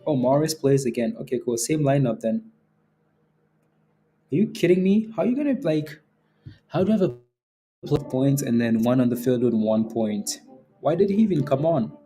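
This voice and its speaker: A man's voice: mid-range voice, animated, normal speed, pauses often, warm tone, faint music behind. A man hosting a live day trading stream, chatting casually, joking and laughing often as he reads out viewer comments. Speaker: day trading livestream host. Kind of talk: casual livestream chat.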